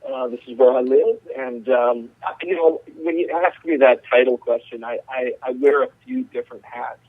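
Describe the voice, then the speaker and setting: A man from the Charlotte, North Carolina area, a guest calling in to a radio interview, earnest and filling his pauses with ums and uhs. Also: medium pitch, no room sound. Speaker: guest, community organizer. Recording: phone line.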